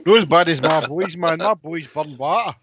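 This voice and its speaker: A man's voice: fairly high pitch, moderate pace, dull audio, a crowd in the background. A man, a panelist telling wry stories about his sons. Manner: wry storyteller. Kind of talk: casual chat.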